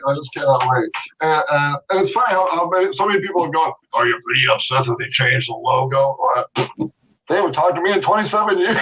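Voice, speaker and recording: A middle-aged man telling stories as a guest in a casual interview, animated, laughing often and acting out what others said. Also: on the high side, breathy edge. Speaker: guest artist. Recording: distant from the mic.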